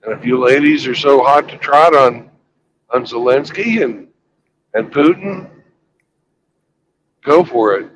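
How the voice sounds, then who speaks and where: A man's voice: mid-range voice, takes it slowly, pauses often, low-quality recording. A man hosts a casual live stream while driving, speaking in a blunt, matter-of-fact way. His voice sits in a middle range. A faint wash of road noise runs behind him. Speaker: livestream host. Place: in a car on a highway.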